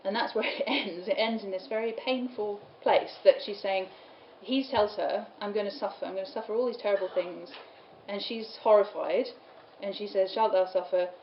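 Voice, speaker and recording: A woman's voice: medium pitch, moderate pace, hardly any pauses. A woman giving a lecture at a study day, explaining medieval poems and reading lines aloud, with an easy laugh now and then. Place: lecture room. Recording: roomy, dull, with faint room noise.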